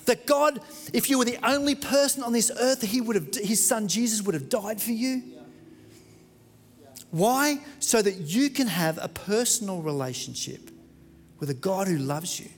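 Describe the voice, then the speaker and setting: A man preaching a sermon as pastor, dramatic and moving between loud and hushed. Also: high-pitched, animated, moderate pace, big-room sound.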